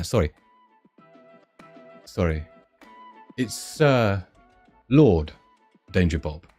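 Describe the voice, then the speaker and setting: A man's voice: on the low side, slow, long pauses, darkish tone, faint music behind. A man hosting a casual livestream, chatting in a rambling way and reading out viewer comments. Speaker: livestream host.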